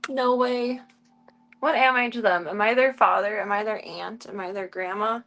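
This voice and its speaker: A woman streaming casually, chatting to viewers and cooing baby talk to tiny animals in a soft, playful way. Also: mid-range voice, a little fast, creaky. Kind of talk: casual live-stream chat.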